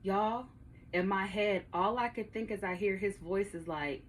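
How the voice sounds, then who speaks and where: Recording in her home studio with a little hiss or hum, a podcast host in her 30s speaks unhurriedly in a medium-pitched voice. She tells her listeners a story casually, swearing and laughing frequently.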